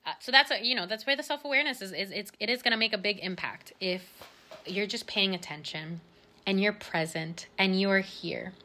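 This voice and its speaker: A woman's voice: mid-range voice, brisk, sharp tone, a little hiss or hum. A young woman hosting her own podcast, talking casually and rambling with lots of fillers and little laughs. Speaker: podcast host. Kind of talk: casual solo podcast chat.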